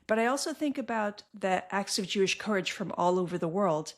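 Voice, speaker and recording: A woman's voice: mid-range voice, animated, fairly quick. A woman hosting an interview podcast who reads a scripted intro and asks earnest, enthusiastic questions. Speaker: podcast host.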